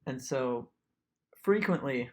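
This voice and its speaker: A young man with a husky, slightly breathy voice chats casually with a friend on a podcast. He rambles through his stories, restarting sentences and breaking into laughter. His pitch sits in an ordinary middle range. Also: lively intonation, slow, a little mellow. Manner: rambling storyteller, laughs often. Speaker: podcast co-host. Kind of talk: casual chat.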